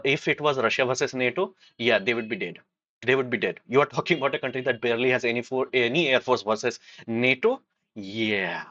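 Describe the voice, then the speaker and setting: A man riffs on a casual livestream, opinionated and rambling, with frequent fillers and restarts. His voice is bright and forward, caught close and dry. The audio is slightly dull, like a home stream setup. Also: medium pitch, lively intonation, a little fast, no echo. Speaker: livestream host.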